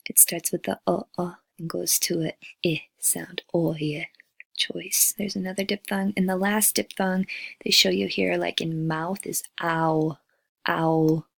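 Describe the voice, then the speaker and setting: A woman, an English as a second language teacher, giving a recorded lecture and slowly modeling vowel sounds. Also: on the low side, steady tone, gravelly, fairly bright tone, slightly rough, no room sound.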